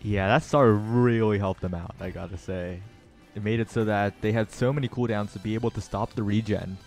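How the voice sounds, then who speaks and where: A man casting a live esports tournament with energetic play-by-play that rises with the action. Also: fairly low pitch, brisk, soft background music. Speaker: esports caster.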